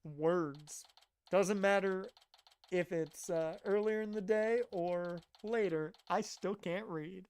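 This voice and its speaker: A woman's voice: fairly low pitch, takes it slowly, darkish tone, smooth. A woman streamer playing a game, making chatty, joking asides between lines of dialogue. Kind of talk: reading game dialogue aloud, casual commentary.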